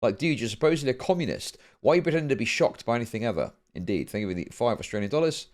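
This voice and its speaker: Brief: male streamer, mid-pitched voice, deadpan reading of donations, long rambling explanations. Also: rapid-fire. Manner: dry, repeats "indeed" flatly; explains at length with many fillers. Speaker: streamer reacting to a video.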